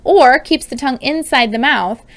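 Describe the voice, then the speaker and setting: A woman in her thirties with a fairly high voice explains speech sounds in a bright, upbeat teaching manner. She often breaks off to model sounds aloud, as in a friendly instructional video. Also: moderate pace. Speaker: speech therapist teaching parents.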